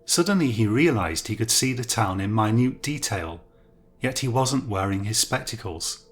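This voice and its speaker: A man narrating a fiction story in a calm, measured reading. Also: on the low side, faint music behind. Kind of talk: scripted narration.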